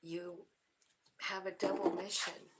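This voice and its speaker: A woman giving a spiritual tarot reading, soft-spoken and emotional, often dropping to a whisper. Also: lowish voice, level tone, slow pace, background noise. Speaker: tarot reader.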